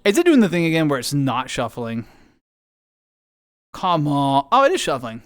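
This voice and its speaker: A man's voice: on the high side, huge pitch swings, moderate pace, no echo, clean studio sound. A man streaming, chatting casually and rambling playfully to his viewers while playing a game. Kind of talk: casual chat with chat.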